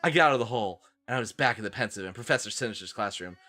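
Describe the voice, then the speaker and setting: A man reading aloud as a sulky teenage goth girl narrator, in a flat, lowered deadpan. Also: racing.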